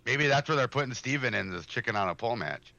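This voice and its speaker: A man co-hosting a podcast in casual, joking chat, quick to laugh. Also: mid-range voice, expressive, vocal fry, sharp tone, no room sound, highs cut off. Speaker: podcast co-host.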